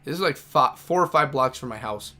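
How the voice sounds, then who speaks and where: While streaming a game, a man tells a long, rambling story, restarting his sentences and swearing freely. His voice is medium-pitched and brisk, pushed and bright, with lively intonation.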